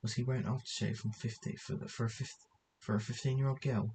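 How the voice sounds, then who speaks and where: A man's voice: mid-range voice, steady tone, fast talker, darkish tone, a little hiss or hum, rough recording. A man reading a story aloud as narrator, often stumbling and correcting himself as he goes. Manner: reads with frequent stumbles and self-corrections.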